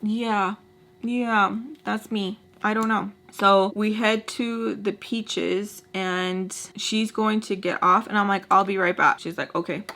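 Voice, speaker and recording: Animated young woman telling a story. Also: mid-range voice, slow pace. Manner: animated, acts out quotes, talks to viewers. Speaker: storytime vlogger. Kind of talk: casual storytelling.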